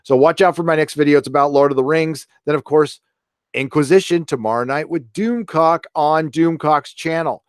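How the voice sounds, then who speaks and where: A man's voice: on the high side, moderate pace, clear, resonant tone, no echo, clean studio sound. A middle-aged man hosting a live stream, chatting casually in a rambling, joking way and reading viewer donations aloud.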